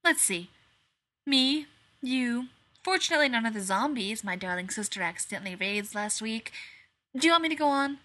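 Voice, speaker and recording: A chipper, teasing young woman who hides a predator behind her cheer, read by a woman narrating a story. The voice is bright and sits a bit high. Her lightness never quite covers the danger. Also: expressive, normal speed. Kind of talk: fan fiction read aloud.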